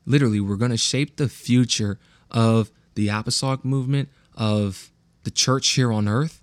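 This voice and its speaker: The host of this laid-back Bible talk podcast is a young Central Valley Californian with a West Coast American accent. His medium-pitched voice stays fairly even at a moderate pace, with no echo, and his slangy, loose speech features repeated words on restarts.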